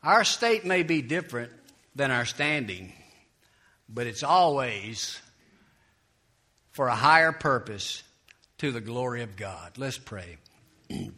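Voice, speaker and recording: A male pastor preaching a sermon and leading prayer, telling stories in an animated way that builds to loud, emphatic peaks. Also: medium pitch, slow, pauses often.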